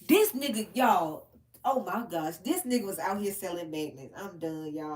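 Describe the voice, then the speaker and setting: A woman rants unscripted to camera on her own commentary channel, speaking bluntly and with profanity to her viewers. She's expressive and talks at a moderate pace, her pitch shooting up whenever she gets heated.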